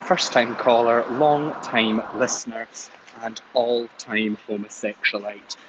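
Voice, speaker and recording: A man's voice: mid-range voice, slow pace, highs cut off, very noisy. A man with a Scottish accent leaving a chatty, cheerfully ranting voice message for a podcast. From Scotland. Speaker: caller.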